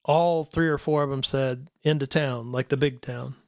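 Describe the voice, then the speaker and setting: A middle-aged man telling a personal faith story in a casual talk, animated and acting out the voices of the people in it. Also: moderate pace, no echo, studio quality. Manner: animated, acts out quoted voices in a higher pitch. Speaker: guest telling his testimony.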